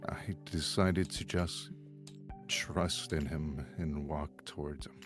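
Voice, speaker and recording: A man playing a tabletop game, describing his character's actions in a halting, hesitant way. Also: very deep voice, steady tone, over music. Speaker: player.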